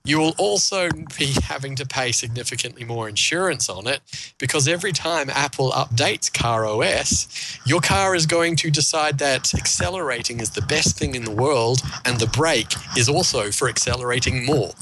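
Kiwi male co-host, mid pitch, sarcastic humour, hiss in the background. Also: moderate pace. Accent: New Zealand. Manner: dry joking, sarcastic. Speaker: podcast co-host. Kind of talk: casual tech podcast chat.

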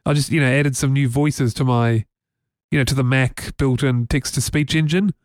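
A man's voice: mid-range voice, fairly even intonation, normal speed, no room sound. A man from New Zealand co-hosting a casual tech podcast, chatty and rambling with many fillers. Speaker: podcast co-host.

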